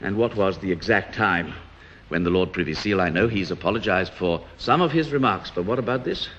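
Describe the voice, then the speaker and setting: A man speaking in a parliamentary debate as an opposition politician, rhetorical and emphatic, with pauses and restarts. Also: low voice, animated, a bit bright, slight background noise. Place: House of Commons debating chamber. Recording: dull archive parliamentary broadcast.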